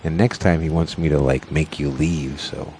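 A man's voice: a bass voice, fairly even intonation, normal speed, a little mellow, husky. A man, a festival security worker, chatting casually, rambling through stories and swearing freely. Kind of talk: casual chat.

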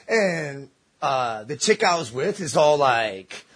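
A man telling a story in casual chat, animated and swearing, acting out voices. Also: a little high, takes it slowly, husky. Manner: animated, swearing, acts out voices in his stories.

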